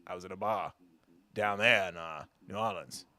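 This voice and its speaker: A man voicing a weary middle-aged male bar owner in a low, subdued drawl for a game read-through. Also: moderate pace, pushed and bright. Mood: musing.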